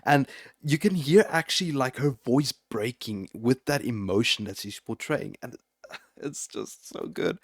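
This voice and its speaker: A man's voice: mid-range voice, expressive, unhurried, dry recording, studio quality. A man, a metal vocalist, giving casual, effusive reaction commentary that keeps sliding into being overwhelmed. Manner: effusive and emotional, repeatedly overwhelmed. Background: faint music playing.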